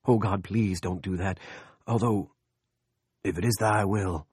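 A man voicing a desperate preacher in an audiobook, growly, hushed and slow as he pleads in prayer. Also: deep voice, fairly even intonation, slightly rough, no room sound, studio quality. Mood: fearful. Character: desperate pleading middle-aged male preacher. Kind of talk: audiobook character voice.

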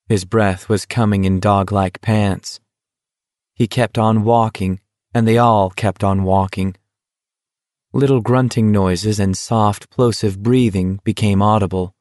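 A man reading a novel aloud as scripted narration, in a steady, measured way. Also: lowish voice, no echo, studio quality. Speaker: audiobook narrator.

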